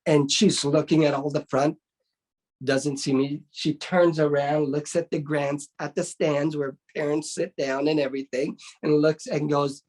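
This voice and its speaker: A middle-aged martial arts instructor tells a story in a casual interview, his voice fairly high and his pace measured. Animated throughout, he performs the quoted voices and often finishes with "right?"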